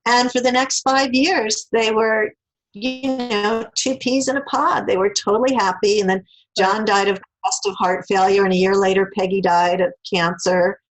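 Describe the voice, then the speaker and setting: A woman's voice: medium pitch, normal speed, rough recording. A woman, an interview guest, telling a personal story in a casual way and acting out the lines of the people in it. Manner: animated, acts out quoted dialogue.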